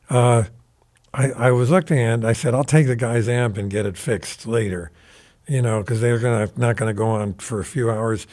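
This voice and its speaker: A man in his seventies, a guest guitarist recounting stories in a recording studio, animated and rambling, with casual swearing. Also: medium pitch. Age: 70s. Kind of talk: casual anecdotal storytelling.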